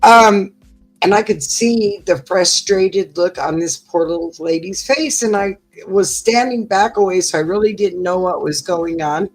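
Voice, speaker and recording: A middle-aged woman with a medium-pitched voice speaks a little slowly while co-hosting a livestream, rambling through stories in casual chat full of fillers. Soft music plays behind her, and the recording is rough.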